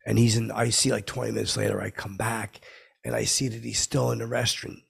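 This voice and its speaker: Guy with a super gravelly husky voice, stammers, rambles thru a funny story. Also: fairly low pitch, little pitch movement, brisk, fairly bright tone. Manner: stammering, repeats himself, brash. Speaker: comedy podcast host telling a story.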